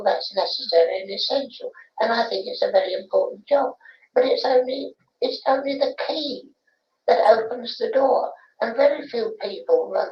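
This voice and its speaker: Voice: mid-range voice, close to an everyday voice. A medium voicing the spirit of a young Cockney boy, preaching earnestly about human potential on an archival recording. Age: about 12 as played. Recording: roomy, dull archival séance tape.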